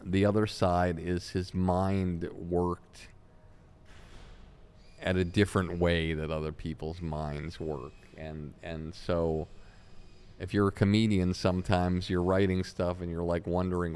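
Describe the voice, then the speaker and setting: A man with a deep, clear, resonant voice speaks at a measured pace. He's a comedy talent manager telling long, animated anecdotes in an interview, acting out what people said.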